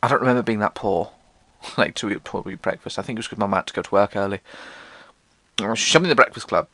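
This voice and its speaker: A young man telling comic school stories in a casual monologue, swearing and mocking himself, slipping into squeaky voices for the people he quotes. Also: quick pace, fairly bright tone, dry recording. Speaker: podcast host.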